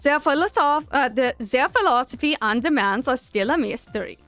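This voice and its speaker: A woman's voice: sits high, expressive, normal speed, fairly bright tone, soft background music. A woman voicing an official who gives a grave, formal briefing in a put-on accent.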